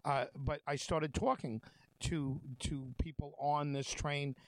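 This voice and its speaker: A man's voice: fairly high pitch, fairly even intonation, takes it slowly, no echo. A man hosting a talk show, telling stories in a rambling, conversational way with many fillers and restarts. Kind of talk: casual conversation.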